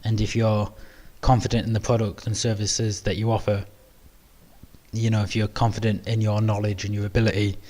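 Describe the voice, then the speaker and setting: British male webinar host, lowish flat voice, halting and self-effacing, lots of ums. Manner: hesitant, many ums and restarts; modest, self-deprecating. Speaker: webinar presenter. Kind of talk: live webinar Q&A.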